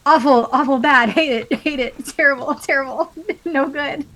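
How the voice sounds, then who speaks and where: Soft-spoken woman player. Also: high-pitched, normal speed, slight background noise. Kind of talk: playing a tabletop game.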